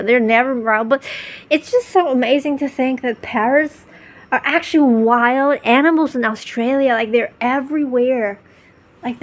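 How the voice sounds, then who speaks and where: Gushing, rambling woman vlogger. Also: fairly high pitch. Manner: gushing, enthusiastic, rambling with restarts. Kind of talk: casual monologue to camera.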